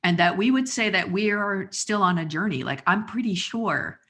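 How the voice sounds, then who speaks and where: A woman in her thirties hosting a conversational interview, telling a story with lively emotion and frequent laughs. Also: mid-range voice, moderate pace. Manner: animated storyteller, emotional, laughs often, says "like" a lot. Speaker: podcast host.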